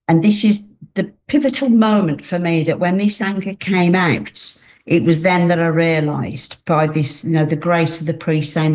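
A woman's voice: lowish voice, normal speed, a little mellow, dull audio. A woman as an interview guest, speaking earnestly about faith and grief and often repeating her phrases. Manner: earnest, repeats phrases, reads own poem aloud. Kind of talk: faith interview, personal testimony.

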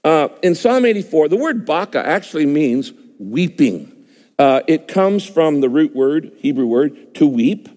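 A man's voice: on the high side, expressive, unhurried, darkish tone. A man preaching a sermon as a pastor, emphatic and repeating key phrases for effect. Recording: long hall reverb.

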